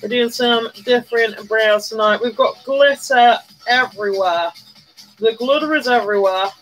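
A woman chats her way through a makeup live stream in a high, bright voice. She greets viewers one after another, squeals with delight and hums to herself. Soft music plays faintly in the background. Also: moderate pace, low-quality recording. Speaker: livestream host. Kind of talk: chatty live-stream commentary while doing makeup. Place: indoors at home, live streaming.

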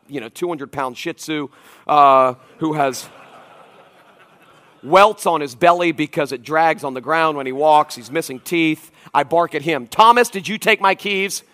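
A man in his forties preaching a conference sermon, telling stories in an animated, emphatic way with frequent asides to the audience. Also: medium pitch. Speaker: pastor. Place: church auditorium.

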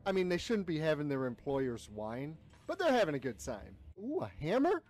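Young man on a horror-game stream: jokey, yelping, lively pitch. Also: moderate pace. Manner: animated, jokey, frequent yelps and laughter. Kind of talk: live game commentary.

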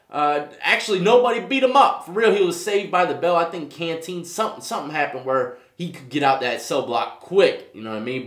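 A man's voice: a little high, a bit bright, reverberant. A man telling his own jail stories to the camera, talking in casual street slang and often checking in with the viewer. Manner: street slang, frequent "okay?" and "you know what I mean". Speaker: YouTube host telling prison stories.

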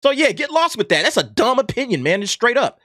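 A man's voice: very high voice, big pitch swings, fairly quick, bright, forceful tone, no room sound, clean studio sound. A man hosting a commentary channel, ranting in a sarcastic, emphatic way and tagging his points with "okay?". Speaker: YouTube commentary host. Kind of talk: heated opinion rant.

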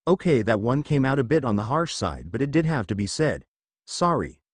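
A man reading a fan fiction story aloud as its narrator, with animated storytelling. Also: medium pitch, brisk, no echo, clean studio sound.

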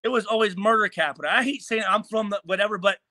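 Bright, high-voiced man telling a heated story. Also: quick pace, dry recording. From Michigan, USA. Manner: profane, heated, acts out quoted lines. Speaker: guest, former pro football player. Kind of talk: animated storytelling.

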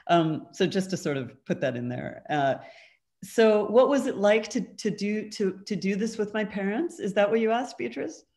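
Over a video call, a guest artist answers audience questions thoughtfully and conversationally, her mid-range voice expressive, darkish, and moderately paced. She hedges with "um" and "kind of" and laughs lightly.

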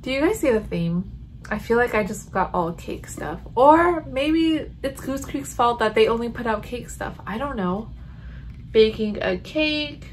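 A woman's voice: a little high, a little hiss or hum. A woman chatting casually in a home vlog, reviewing candles and reacting as she smells each one. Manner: chatty, animated, sniffing and reacting. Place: home room.

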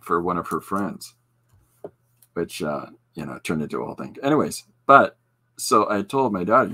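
A man in his forties with a low, husky voice chats casually on his podcast. He rambles through self-deprecating stories, stumbling over restarts and fillers and breaking into laughs. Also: big pitch swings, pushed and bright. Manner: halting restarts with many fillers. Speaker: podcast host and artist. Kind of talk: casual storytelling chat.

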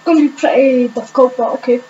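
A woman giving casual gameplay commentary on her own channel, thinking aloud in a hesitant way with many pauses and fillers. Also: sits high, dark tone, dull audio, slight background noise. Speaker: gaming channel host.

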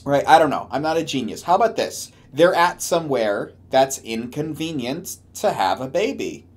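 Sarcastic man ranting, lively pitch. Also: moderate pace. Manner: sarcastic, swearing, mocking rants. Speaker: commentary host. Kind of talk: comedic reading commentary.

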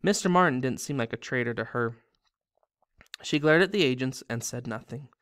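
Man reading a novel aloud, smooth and dry. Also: mid-range voice, normal speed, no echo. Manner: steady storybook narration. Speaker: reader.

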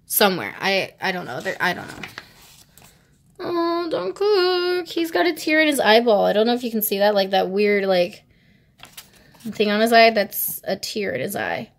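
A young woman vlogging as she unboxes an album, chatting casually and excitably, gasping, giggling and now and then dropping to a hushed whisper. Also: medium pitch, normal speed. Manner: excitable, gushing, with gasps, giggles and squeals; drops to hushed whispers at times.

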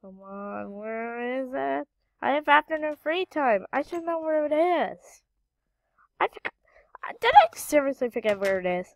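Slow, gravelly-voiced woman gaming commentator. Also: high voice, big pitch swings, no echo, studio quality. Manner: muttering to self while searching, frequent exclamations. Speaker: gaming channel host. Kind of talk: casual gameplay commentary.

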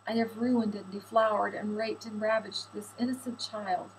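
A woman's voice: medium pitch, fairly even intonation, normal speed, a little hiss or hum, natural voice, low-quality recording. A woman voicing a young man racked with guilt, speaking earnestly and pleading for forgiveness. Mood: remorseful.

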